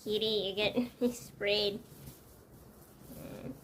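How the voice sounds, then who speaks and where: A woman's voice: medium pitch, fairly even intonation, takes it slowly, a little hiss or hum. A woman vlogging casually, thinking aloud to herself as she works things out. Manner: muses aloud while working things out, soft self-talk.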